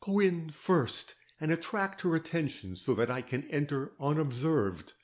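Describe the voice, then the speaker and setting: A fatherly old detective coaxes in a soft, gentle tone, as a male audiobook narrator plays him. His voice sits a little above the reader's own, shrewd under the kindness, in a storybook reading. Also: on the high side, expressive, measured pace, voice pushed up. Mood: instructing. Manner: gentle, soothing, coaxing.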